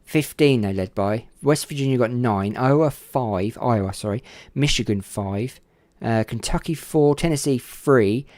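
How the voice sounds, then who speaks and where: A man's voice: unhurried, hardly any pauses, no echo. Chatty man commentating a sim race. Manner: chatty, talks to viewers in chat, gets excited and pitch jumps up. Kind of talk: casual live race commentary.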